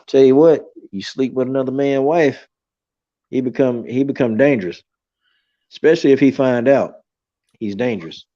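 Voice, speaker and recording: A man hosting a podcast, telling a story in a loose, animated way and filling it with "you know" and "man". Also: mid-range voice, moderate pace, long pauses, lo-fi sound. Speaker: podcast host. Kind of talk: casual storytelling chat.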